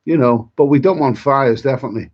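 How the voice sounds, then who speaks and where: A husky-voiced man rambles through a live stream, chatting with his viewers. He repeats himself and restarts his words. The stream audio is dull and lo-fi. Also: mid-range voice, fast talker. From Britain. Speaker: travel vlogger hosting a live chat. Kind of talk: live-stream chat, reading viewer comments.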